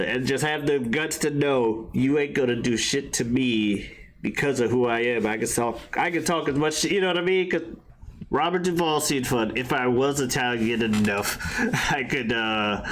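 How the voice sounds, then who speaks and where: A man's voice: medium pitch, normal speed, fairly bright tone, slight background noise. Laid-back man chatting, laughing often. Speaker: podcast guest. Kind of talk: casual chat.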